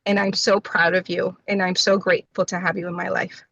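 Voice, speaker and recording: A woman's voice: on the low side, level tone, brisk, creaky, a bit bright, dry recording, lo-fi sound. A middle-aged woman giving an emotional tribute over a video call from her parked car, mixing in Spanish endearments. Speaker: guest well-wisher.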